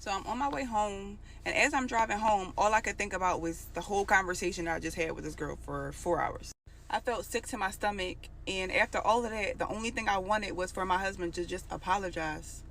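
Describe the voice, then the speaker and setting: A woman's voice: medium pitch, brisk, gravelly, fairly bright tone, a little hiss or hum. A woman telling her own story in a casual, emotional storytime monologue, repeating phrases for emphasis.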